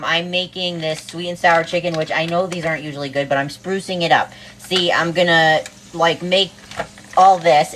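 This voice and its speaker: A woman's voice: fairly low pitch, fairly bright tone, slight background noise. A woman from the US East Coast on a cooking livestream, bubbly, greeting viewers one after another and saying "oh my God" a lot. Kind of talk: casual livestream chat.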